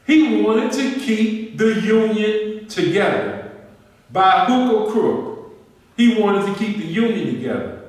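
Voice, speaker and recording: A man's voice: high voice, lively intonation, slow pace. A man lecturing a group, asking questions and repeating his points with emphasis. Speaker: history speaker. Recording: echoey room, distant mic.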